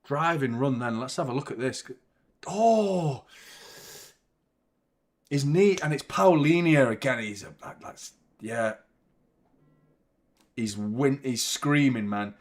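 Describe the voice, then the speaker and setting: A man's voice: medium pitch, expressive, takes it slowly, long pauses. A young man hosting a live football watchalong, chatting about the match and swearing at the referee. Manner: fan reacting to play, swears and shouts at the referee. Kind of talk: live match commentary and chat.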